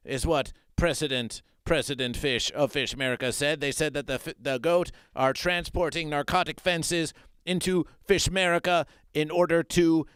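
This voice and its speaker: A man delivers an absurd mock news monologue in a fairly high, smooth and clear voice. The room sound is close and dry. He rambles and repeats himself, dropping now and then into hushed muttering. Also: no room sound. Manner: repetitive, rambling, mock-serious. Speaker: comedy streamer.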